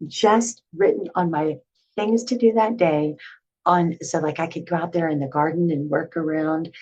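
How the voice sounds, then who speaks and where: Chatty middle-aged woman, lowish husky voice, tells her own story with plenty of likes and you-knows. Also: normal speed, highs cut off. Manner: chatty and animated, with filler words and laughs. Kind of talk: casual storytelling to camera.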